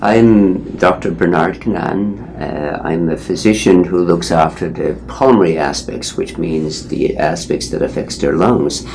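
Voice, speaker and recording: A male physician calmly explaining a muscle disease in measured terms. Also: low-pitched, vocal fry, slight background noise.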